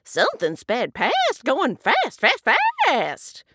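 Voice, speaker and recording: A woman voicing a cheerful, bouncy male hare in a storybook reading, with drawn-out, cheery greetings. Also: high-pitched, wildly swooping pitch, noisy background, pitched above the performer's own voice, full character voice.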